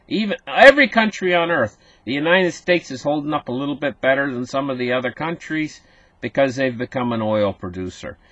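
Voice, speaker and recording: A man's voice: mid-range voice, fairly bright tone, breathy edge, no room sound, lo-fi sound. A man hosting a casual market commentary, talking straight to his viewers and repeating himself as he goes. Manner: talks to viewers as "guys", repeats words, rambly.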